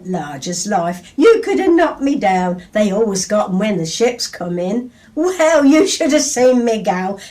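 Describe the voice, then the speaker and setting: A woman's voice: fairly high pitch, a little mellow. A woman voicing a chatty older working-class woman who speaks in broad dialect and keeps exclaiming.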